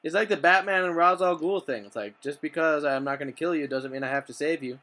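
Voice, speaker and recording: A man's voice: on the high side, fast, sharp tone. A man in a casual podcast chat, making his case with comparisons.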